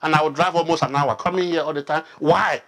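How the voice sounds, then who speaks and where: A man's voice: fairly high pitch, fairly even intonation, quick pace, fairly bright tone. A pastor from Nigeria, teaching an interactive sermon and quizzing his congregation with frequent questions. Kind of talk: interactive sermon, Bible study.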